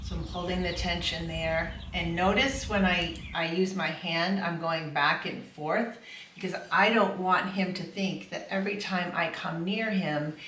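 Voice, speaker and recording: A middle-aged woman dog trainer explaining puppy training in a calm, affirming voice. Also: lowish voice. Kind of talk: instructional voice-over. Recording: echoey room, from far off, faint noise.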